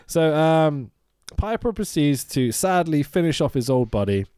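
A man's voice: fairly high pitch, animated, a little slow, a little mellow, smooth, no room sound, studio quality. A man co-hosting a casual film review podcast, sweary and sarcastic, often mock-quoting the characters. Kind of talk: casual chat.

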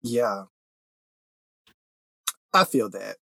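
A podcast co-host tossing in quick joking asides and laughter while the other host rants. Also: mid-range voice, animated, vocal fry, pushed and bright, no echo, clean studio sound. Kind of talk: casual podcast chat.

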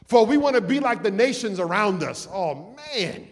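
A pastor preaching to his congregation, a man whose voice sits high for a man. He rises into sung, shouted peaks and drops to low, quick asides, and his words ring out with a long reverb. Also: lively intonation. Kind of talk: sermon.

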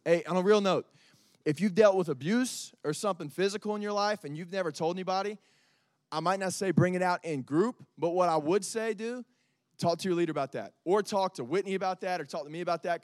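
A youth pastor in his thirties gives a loose, story-driven talk, full of "like" and "y'all." His voice sits high for a man. The sound is dry and close, with no room echo. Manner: conversational, animated storytelling with many fillers. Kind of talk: youth group sermon.

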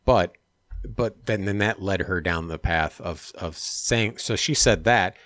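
A man in casual podcast chat, retelling an argument with blunt, profane remarks and animated quoted lines. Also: measured pace, dry recording, clean studio sound. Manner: animated retelling, acting out quotes with raised pitch. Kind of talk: casual chat recounting a video.

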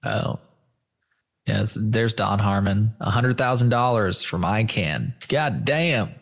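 A man's voice: lowish voice, animated, slow, gravelly, a bit bright. A man hosting a casual screen-share chat, loose, stoned and a bit profane as he walks through search results. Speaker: host.

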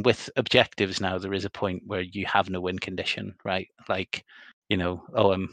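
English guy hosting a podcast, lowish voice, dry sound, chatty. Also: fairly bright tone, no echo. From England. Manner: chatty, teasing. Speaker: podcast host. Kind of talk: casual podcast chat.

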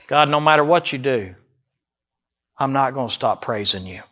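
A male pastor preaching a sermon, speaking his prayers aloud with emphatic rises and slow drawn-out phrases. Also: mid-range voice, lively intonation, pushed and bright.

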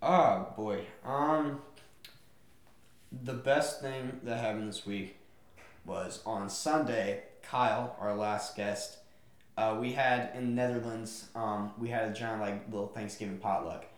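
A young man co-hosting a podcast, telling a story in casual chat and acting out quotes with sudden loud yelps. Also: fairly low pitch, slow. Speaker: podcast co-host. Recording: echoey room.

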